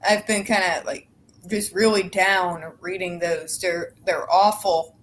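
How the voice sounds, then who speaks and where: A woman's voice: mid-range voice, slight background noise, rough recording. A woman guest on a livestream, speaking easily and conversationally about her own channel. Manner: easygoing, conversational. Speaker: guest, fellow channel creator. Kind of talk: casual livestream chat.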